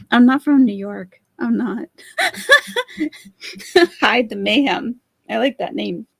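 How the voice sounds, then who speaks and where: Sarcastic woman with a gravelly voice. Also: on the high side, very animated, takes it slowly, a bit bright, no echo, clean studio sound. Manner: sarcastic, mocking. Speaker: live-stream host. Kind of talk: reaction commentary.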